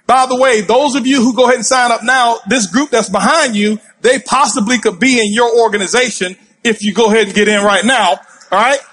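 A man giving a fired-up motivational speech from a stage, intense and passionate, yelling at the crowd. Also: very high voice, brisk, breathy edge. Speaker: motivational speaker. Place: stage before a live audience.

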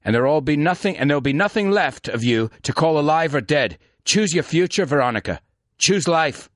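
A man's voice: fairly high pitch, animated, a little fast, dry recording, clean studio sound, natural voice. A man putting on a bitter Scottish ranter. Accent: put-on Scottish. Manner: rhythmic, scornful list-like delivery. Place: studio.

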